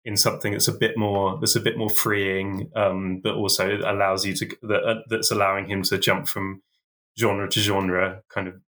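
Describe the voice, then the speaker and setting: Low-voiced man talking hesitantly. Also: level tone, moderate pace, fairly bright tone. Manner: hesitant, filler-heavy. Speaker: podcast co-host. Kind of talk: casual chat.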